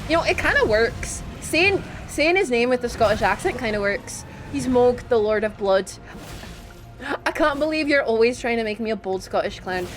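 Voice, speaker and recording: High and bright, with lively intonation, this VTuber talks briskly with hardly any pauses while faint music plays behind her. During her gaming stream she chats casually with viewers, playfully pushing back on their teasing in mock outrage.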